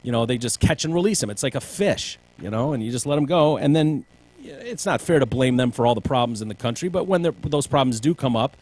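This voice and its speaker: A man's voice: medium pitch, lively intonation, brisk, darkish tone. A man hosting a podcast, talking politics in a loose, mocking way with plenty of swearing. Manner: loose, profane, mocking impressions. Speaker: podcast host. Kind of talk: casual political chat.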